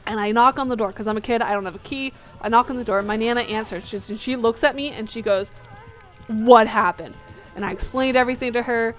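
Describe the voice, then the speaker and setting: A woman with a fairly high voice tells a story casually over gameplay. She narrates with animation and slips into voicing her younger self. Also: fast talker, few pauses, soft background music. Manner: animated, acts out her past self in quotes. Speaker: gaming video host.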